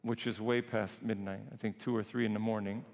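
A man's voice: fairly low pitch, flat delivery, gravelly, darkish tone. Man preaching in a reverberant hall. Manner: emphatic, shifts between slow and quick phrasing. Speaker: priest preaching. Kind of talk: sermon.

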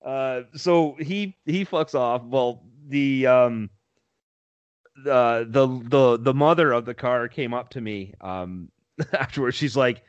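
Casual male podcaster, profane and jokey storyteller, mid pitch, dry muffled audio. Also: slow, clear, resonant tone, no room sound. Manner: profane, laughing, animated storyteller. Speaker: podcast co-host telling a story.

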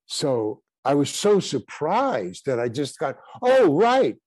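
A man's voice: mid-range voice, sing-song, darkish tone, breathy edge, no echo. An older man, a guest actor, telling rambling stories in a casual interview, often breaking off and restarting his sentences. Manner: rambling anecdotes with halting restarts.

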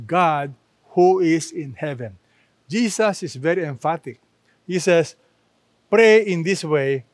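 Slow, emphatic high-voiced male preacher. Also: no room sound. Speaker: pastor. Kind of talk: sermon.

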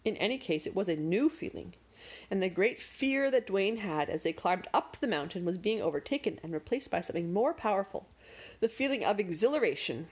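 A woman narrating a storybook with expressive, dramatic pacing. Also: mid-range voice, a little fast, slightly rough.

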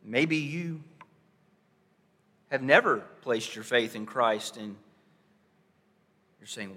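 Bright-voiced preacher in a reverberant hall. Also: male voice, medium pitch, slow pace, long pauses. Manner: dramatic shifts between soft hushed lines and loud emphatic ones; asks the congregation rhetorical questions. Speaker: pastor. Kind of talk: sermon.

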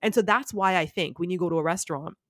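Animated chatty woman, dry close sound. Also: fairly low pitch, fast talker, dry recording. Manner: animated storyteller, says "like" a lot. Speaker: podcast guest. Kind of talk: casual chat.

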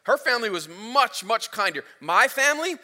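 A man in his thirties preaching a sermon as a pastor, telling a story in an animated way, his voice rising as it builds. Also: very high voice, normal speed. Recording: reverberant hall.

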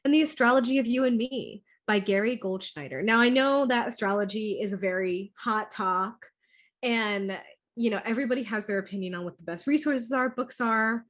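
A woman co-hosting a casual astrology podcast, talking in an excitable, giggly, hyped way. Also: a little high, moderate pace. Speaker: podcast co-host. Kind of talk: casual chat.

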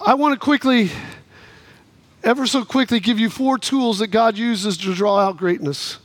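High-voiced preacher telling a story. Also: male voice, moderate pace, dry recording. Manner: animated, acts out the voices in his story, rising to near shouts. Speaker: pastor. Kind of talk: sermon with storytelling.

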